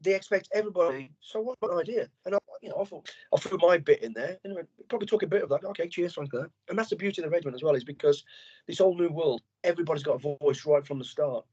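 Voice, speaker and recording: Middle-aged man, ex-soldier guest, animated and profane; slightly high voice on lo-fi audio. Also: rapid-fire, breathy edge. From England. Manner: blunt, heavy swearing, animated storytelling. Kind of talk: casual interview chat.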